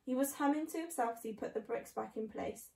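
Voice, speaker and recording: A woman reading a children's book aloud, clear and measured. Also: on the high side, a little mellow. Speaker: storyteller. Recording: echoey room.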